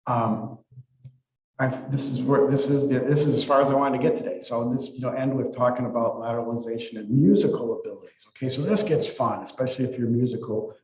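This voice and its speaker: A man's voice: medium pitch, fast talker, a little mellow, roomy sound, highs cut off. A man giving a university psychology lecture in a casual, rambling way, full of fillers and restarts. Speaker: psychology professor.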